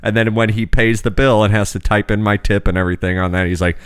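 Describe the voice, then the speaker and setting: A man with a fairly low voice tells a rambling story on a casual podcast. His delivery is loose and profane, with sudden jumps in pitch. The sound is dry and close to the mic. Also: steady tone, a little fast, hardly any pauses, clear, resonant tone, no room sound. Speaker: podcast co-host and restaurant server.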